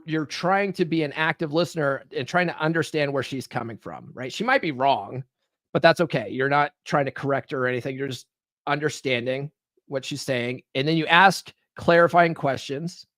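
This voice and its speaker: A man's voice: on the high side, no room sound, studio quality. A man hosting a podcast live stream, talking loosely and tagging his points with "right?". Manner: loose, repetitive, peppered with "right?". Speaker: podcast host. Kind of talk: casual live-stream monologue. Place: home with dogs nearby.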